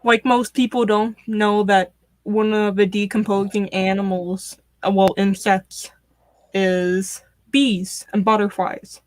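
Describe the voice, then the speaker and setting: A woman's voice: medium pitch, slow pace, dry recording. A woman as a stream guest, chatting casually and telling morbid stories with dry humor. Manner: storytelling, morbid deadpan humor.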